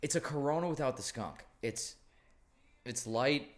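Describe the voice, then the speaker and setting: A man's voice: medium pitch, measured pace. A young man hosting a podcast, telling stories in a loose, rambling way and swearing freely. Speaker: podcast host. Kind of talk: casual chat.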